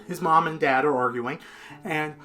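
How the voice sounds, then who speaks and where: A man's voice: fairly high pitch, normal speed, pushed and bright. A young man giving a casual, rambling video review of a manga, swearing constantly and getting worked up as he retells the story.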